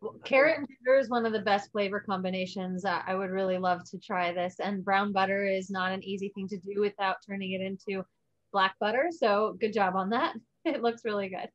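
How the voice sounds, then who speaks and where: Woman chef judge, measured and halting, dry lo-fi call sound. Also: medium pitch, steady tone, dry recording. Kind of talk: casual judging on a video call. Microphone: video call.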